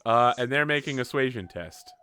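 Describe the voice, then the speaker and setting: A young man running a tabletop game as game master, relaxed, explaining rules and laughing often. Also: mid-range voice, normal speed, clean tone.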